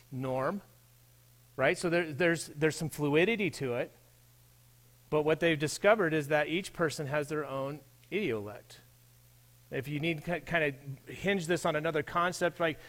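A man's voice: a little high, a bit bright. A man preaching a sermon in a church, talking in a conversational way and addressing his listeners directly. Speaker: pastor.

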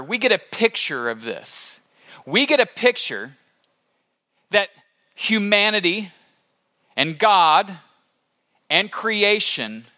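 A male pastor preaching a sermon in an animated, conversational storytelling manner. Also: high-pitched.

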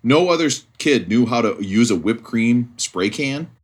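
A man's voice: medium pitch, lively intonation, normal speed, breathy edge. A man hosting a podcast in casual chat, joking and laughing often. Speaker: podcast host.

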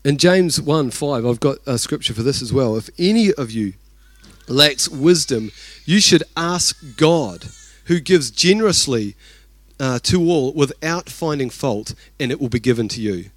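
A man's voice: mid-range voice, lively intonation, unhurried, no room sound. A man with a New Zealand accent preaching a sermon, telling a personal story in a chatty, self-deprecating way. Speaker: pastor.

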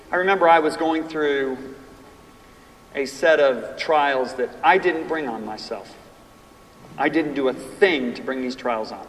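Man, fifties, fairly high voice, sermon-style teaching, animated storytelling, long hall reverb, distant mic. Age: 50s. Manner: animated storytelling, reads scripture slowly and emphatically. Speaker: preacher teaching a class. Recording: echoey hall from far off, faint ambience.

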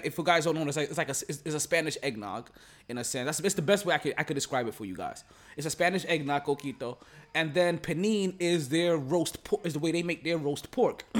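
A man's voice: fairly high pitch, a bit bright. A man hosting a sports podcast in casual chat, rambling and repeating words, laughing often, recorded away from home at a relative's house. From Jamaica. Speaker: podcast host. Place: relative's home, not a studio.

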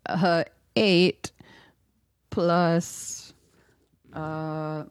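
A woman with a deep, slow voice plays a tabletop game, tossing in casual remarks and cheering her friends on. The recording is dry and close. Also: fairly even intonation, clean tone, no echo. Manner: laughing, egging others on. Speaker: player.

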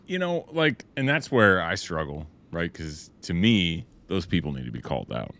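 A man's voice: sits low, sing-song, moderate pace, fairly bright tone. A man chatting casually and thoughtfully, with frequent "like" and "you know" fillers. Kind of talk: casual chat.

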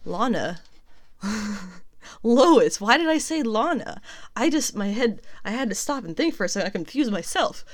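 A young woman talks through the latest comic book news in a loose, chatty way. She laughs often, trips over a name and then fixes it, and sits at an everyday middle pitch for a woman. Her tone stays conversational, never scripted. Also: normal speed, pauses often. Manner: chatty and animated, laughs often, corrects herself mid-sentence. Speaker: pop culture news host. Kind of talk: casual news commentary.

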